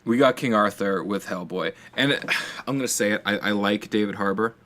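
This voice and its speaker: A man's voice: fairly low pitch, normal speed, a bit bright. A man co-hosting a podcast, chatting casually about a movie in a loose, rambling way, restarting words and swearing now and then. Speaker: podcast co-host. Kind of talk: casual movie review chat.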